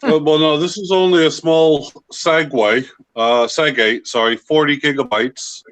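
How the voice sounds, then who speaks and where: Brief: man, slightly high voice, practical tinkerer on a video call. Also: steady tone, unhurried, a bit bright. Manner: matter-of-fact, shows a hard drive while tinkering. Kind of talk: casual group video chat.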